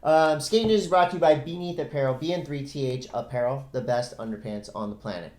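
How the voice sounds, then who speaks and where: A man's voice: medium pitch, a little fast, a little mellow. A middle-aged man co-hosting a casual podcast, loose and rambling, laughing often. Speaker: podcast co-host. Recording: roomy echo.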